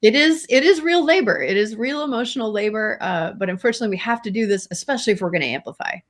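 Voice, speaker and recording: A woman's voice: a little high, animated, fast. A woman co-hosting a talk show, earnest and emphatic, repeating words for stress. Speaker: podcast co-host. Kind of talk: casual discussion.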